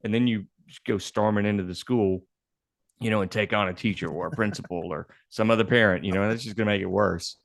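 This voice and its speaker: Low gravelly man, halting. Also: steady tone. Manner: halting, searching for words. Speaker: podcast co-host. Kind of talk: casual chat.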